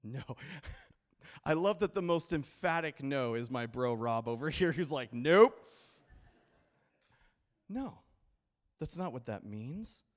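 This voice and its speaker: A man's voice: medium pitch, expressive, unhurried. A man from Idaho preaching a sermon, asking the congregation questions and mixing in casual humor. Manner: conversational preaching with call-and-response questions and humor. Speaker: pastor.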